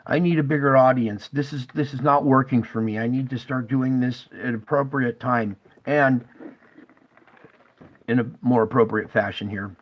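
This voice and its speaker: A man talks straight to his viewers in an urgent, emotional monologue. He sounds tearful at times, and his voice sits at an ordinary middle pitch for a man. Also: normal speed, poor audio. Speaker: channel host.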